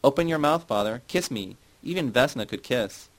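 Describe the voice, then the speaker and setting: A man's voice: medium pitch, fairly quick, close to an everyday voice, rough recording. A man reading the part of a drunk young woman who insists and pleads. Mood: pleading.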